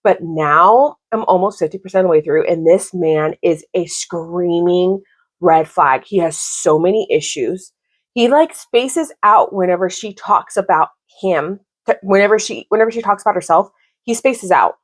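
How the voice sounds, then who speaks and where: A woman in her thirties giving a casual, exasperated book review, talking in an animated way with lots of "like". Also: fairly low pitch, normal speed. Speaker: book vlogger.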